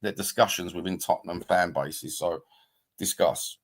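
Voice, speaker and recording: A man's voice: sits low, moderate pace. A man, chatting casually on a livestream and reading out viewer comments. He rambles bluntly, swears freely and calls people mate and bruv. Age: 50s. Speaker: livestream host.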